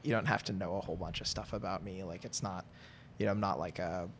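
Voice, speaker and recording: Podcast guest, man in his 30s, low gravelly voice, candid and rambling. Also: steady tone, quick pace, noisy background. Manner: rambling, candid, filler-heavy. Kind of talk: casual chat.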